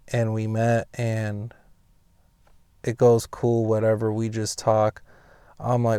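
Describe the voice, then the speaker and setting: Young socal dude rambling thru a story, cussing nonstop, dry close sound. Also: male voice, little pitch movement, measured pace, clean tone, no room sound. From Pasadena, California. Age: young adult. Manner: heavy swearing, slangy, rambling with restarts; gets loud and high-pitched when reenacting scenes. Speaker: host telling a personal story. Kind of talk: casual storytelling.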